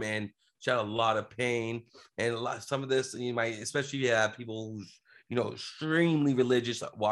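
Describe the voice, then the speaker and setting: A man's voice: mid-range voice, fairly bright tone. A man, a podcast guest, telling a personal family story in an earnest, rambling way with many restarts. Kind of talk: casual storytelling.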